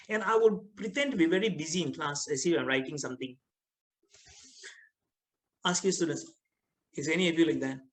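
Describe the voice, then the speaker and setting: Lively Malaysian man lecturing students. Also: high-pitched, rough recording. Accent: Malaysian English. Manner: lively, teasing, asks students questions. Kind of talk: online motivational lecture.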